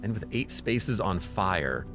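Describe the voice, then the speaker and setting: A man's voice: low-pitched, big pitch swings, slow, music in the background. A man streaming a strategy game, thinking aloud as he plans each move and often correcting himself. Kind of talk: live game commentary.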